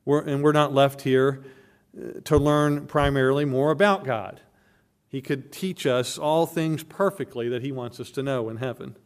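A man's voice: mid-range voice, steady tone, normal speed. A man preaching a sermon from the pulpit, emphatic and earnest, often restarting his phrases. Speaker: pastor.

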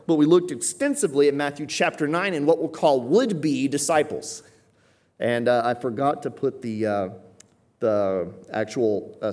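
Man teaching a sermon. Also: mid-range voice. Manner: teaching, explanatory, with frequent "right?" asides. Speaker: pastor.

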